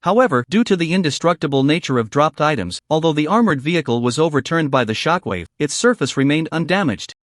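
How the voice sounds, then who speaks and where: A man's voice: a little high, lively intonation, quick pace, hardly any pauses, dry recording. Dry-voiced male recap narrator.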